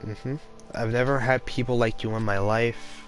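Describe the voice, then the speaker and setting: A young man reads a story game's dialogue aloud in a casual let's-play. His voice sits in an ordinary middle pitch and he stumbles over words at times. Quiet game music plays in the background. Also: fairly even intonation, normal speed.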